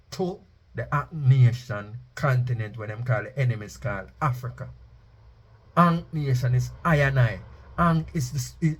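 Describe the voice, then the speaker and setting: A man preaches in an emphatic monologue. His voice is husky and rough at the edges, and he sits at an ordinary middle pitch. He slows down to chant key phrases for effect. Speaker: Rastafari speaker.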